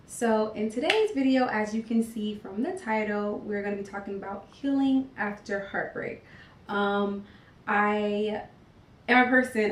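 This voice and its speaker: A woman's voice: medium pitch, a bit bright, recorded from a distance, a little hiss or hum. A young adult woman talking candidly to her channel, casual and earnest, with frequent "like" and "um" fillers. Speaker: vlogger. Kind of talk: candid confessional chat. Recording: roomy sound, voice off from the mic.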